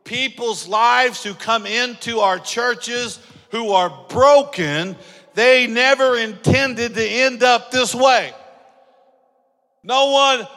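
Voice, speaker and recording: High, gravelly preaching man in a hall. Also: measured pace. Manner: animated storytelling, acts out dialogue, builds to shouting. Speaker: pastor. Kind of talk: sermon. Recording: long hall reverb.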